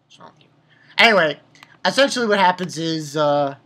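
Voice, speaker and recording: A woman giving a profane, ranting, animated manga review in a casual video. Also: low-pitched, a little fast.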